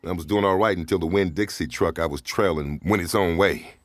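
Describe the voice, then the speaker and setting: A man's voice: low voice, brisk, no room sound, studio quality, natural voice. An actor playing a stranded, wary man who pleads and panics, in an audio drama. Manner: jittery, pleading, bursts into yelling for help. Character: stranded wary man from Detroit, rattled, talkative. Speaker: stranded traveler.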